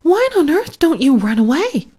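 A woman's voice: fairly high pitch, animated, a little slow, darkish tone, pitched above the performer's own voice. A woman voicing a shy, easily flustered young male pig. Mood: horrified. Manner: timid and anxious.

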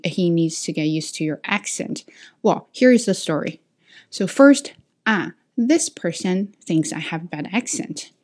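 Lower-pitched woman teacher, self-correcting. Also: a little mellow. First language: not English. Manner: unhurried, self-correcting, frequent restarts. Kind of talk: reflective talk to students.

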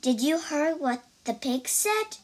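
A reader putting on shrill, accusing priests. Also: big pitch swings, slow, heavily acted. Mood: whispering. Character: angry temple priests, male, indignant.

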